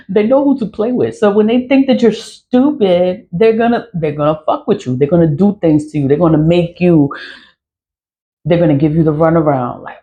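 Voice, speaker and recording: A woman's voice: lowish voice, animated, normal speed, phone-quality sound. A middle-aged woman, venting angrily to camera in a profane monologue and repeating herself for emphasis. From New York. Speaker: vlogger.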